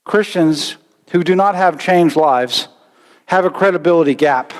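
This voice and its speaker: Pastor preaching in a reverberant church. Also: male voice, fairly high pitch, unhurried. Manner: animated preaching with sudden loud outbursts. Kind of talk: sermon. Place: church sanctuary.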